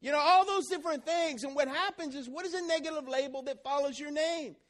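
A man's voice: extremely high pitch, brisk, fairly bright tone. A man preaching a sermon in a church, rousing the congregation with call-and-response questions. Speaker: pastor.

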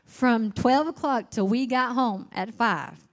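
A young woman giving an emotional testimony at a church service, starting soft and building to loud, tearful fervor. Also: on the high side, slow.

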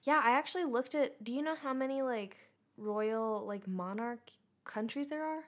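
Woman co-host, lightly high voice, quick to laugh. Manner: laughs often, plays interviewer. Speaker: podcast co-host. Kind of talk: casual chat.

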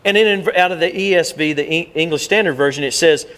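A man's voice: fairly high pitch, fast, fairly bright tone. A middle-aged male pastor, preaching a sermon in a conversational way and often repeating and restarting his words. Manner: conversational, repeats words and jumps back and forth. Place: church sanctuary.

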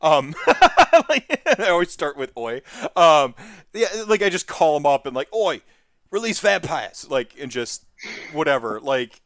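A man in casual chat who talks in an animated rush, jumping up in pitch and circling back over his own words. He keeps starting sentences over and piling on fillers. The sound is dry and close, with no room around him. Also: measured pace, dry recording. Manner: animated, rambling with many restarts and fillers. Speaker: podcast co-host.

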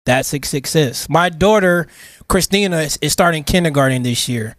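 A man in his thirties co-hosting a casual podcast, telling a story in an animated, slangy way and getting emotional. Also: fairly high pitch, moderate pace, dry recording, studio quality. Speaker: podcast co-host. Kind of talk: casual chat.

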